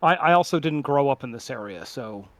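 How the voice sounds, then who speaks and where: A man's voice: medium pitch, expressive, a little fast, fairly bright tone, no echo. A man co-hosting a casual podcast with friends, rambling with lots of fillers and restarts. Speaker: podcast co-host. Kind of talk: casual chat among friends.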